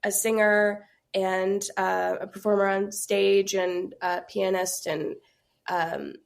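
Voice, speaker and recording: A woman's voice: mid-range voice, little pitch movement, slow, gravelly. A woman from Georgia in the US, a musician guest in a casual interview, chatty with lots of fillers and laughs, sounding sick and congested. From Georgia, USA.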